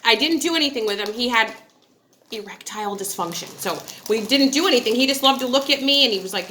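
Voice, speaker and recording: This is a woman in her thirties, originally from upstate New York, who chats straight to her viewers. She tells a candid personal story that wanders off into asides as she goes. Her voice sits a little high and sounds bright and sharp. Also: animated, quick pace, slight background noise. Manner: candid, chatty and digressive, with frequent asides. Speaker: vlogger. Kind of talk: casual storytelling.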